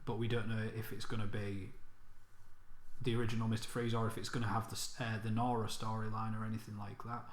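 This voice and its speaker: A man's voice: lowish voice, level tone, fast. Chatty man in an echoey room. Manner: swears, restarts, laughs often. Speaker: co-host. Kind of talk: casual chat.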